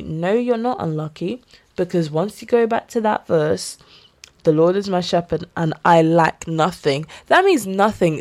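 A woman's voice: lowish voice, expressive, moderate pace, darkish tone. A young woman hosting a solo podcast, talking earnestly and casually about faith, with lots of fillers. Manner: chatty, earnest, with frequent fillers and laughs. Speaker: podcast host.

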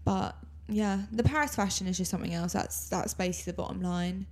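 An enthusiastic young woman co-hosts a relaxed podcast chat. She talks at an ordinary pitch and gushes freely, full of "like" and emphasis. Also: a little fast. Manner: enthusiastic, gushing. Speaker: podcast co-host. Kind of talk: casual chat.

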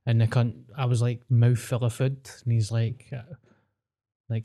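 A man's voice: mid-range voice, flat delivery, measured pace, warm tone. A man, co-hosting a podcast and chatting casually, with dry, sweary asides. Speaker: podcast co-host. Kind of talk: casual chat.

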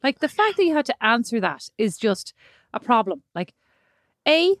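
A woman's voice: fairly high pitch, big pitch swings, moderate pace, a bit bright, dry recording, clean studio sound. A woman, a mother, co-hosting a podcast in casual, chatty talk, often trailing off and restarting. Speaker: podcast co-host. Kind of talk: casual chat.

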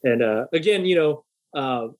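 A young man on a podcast telling a story in casual chat, animated and profane, acting out the voices of people he quotes. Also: mid-range voice, normal speed. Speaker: podcast host.

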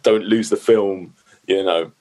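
Deep-voiced man, chatty. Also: slow pace. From London. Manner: animated, swears freely, leans on "like" and "you know what I mean". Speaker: guest. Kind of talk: casual storytelling.

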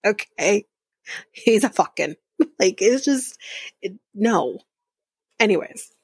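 Woman podcast host, gravelly and husky, close dry mic, sarcastic and swearing freely through a casual TV recap. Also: medium pitch, animated, slow, no room sound. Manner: profane, sarcastic storytelling with frequent laughs.

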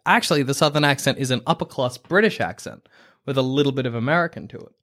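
An Australian man in casual group chat, animated and jokey. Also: medium pitch. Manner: animated, jokey, quick asides.

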